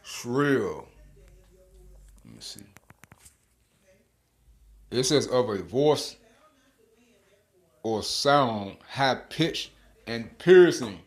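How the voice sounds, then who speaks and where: A man's voice: medium pitch, expressive, drawn-out words, pauses often. Emphatic, slangy male bible teacher. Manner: emphatic, slangy, chuckling, repeats words. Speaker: bible teacher making videos. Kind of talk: informal scripture teaching.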